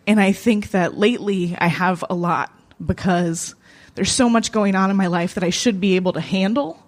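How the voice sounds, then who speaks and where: A woman co-host telling a personal story at a live open mic in a small cafe, halting and emotional, full of fillers and restarts. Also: mid-range voice.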